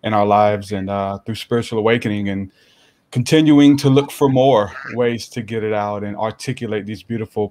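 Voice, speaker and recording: A man's voice: fairly low pitch, a little mellow. A man introducing himself as a guest in a casual panel chat, earnest and hesitant, with many fillers. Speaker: guest hip hop artist and podcaster.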